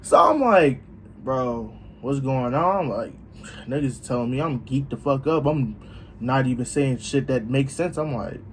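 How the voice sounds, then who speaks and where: A young man casually telling a story in a vlog, profane and animated, acting out what people said. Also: mid-range voice, normal speed, slight background noise. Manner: animated, profane, acts out dialogue. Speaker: vlogger.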